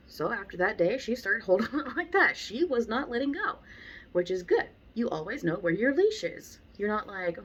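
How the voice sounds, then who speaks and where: A woman dog trainer giving a casual lesson, animated and blunt, with exasperated asides about her students. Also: mid-range voice, brisk, slightly rough. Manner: animated, acts out people she describes. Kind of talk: casual instructional talk.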